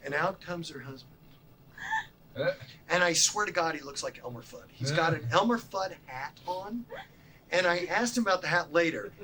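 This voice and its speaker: Middle-aged guy teaching a film class, bright forceful voice, gets worked up telling stories, faint room hiss. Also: fairly high pitch, moderate pace, poor audio. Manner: excitable, acts out dialogue, drops to near-whispers. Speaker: documentary producer teaching a masterclass. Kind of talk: animated storytelling lecture.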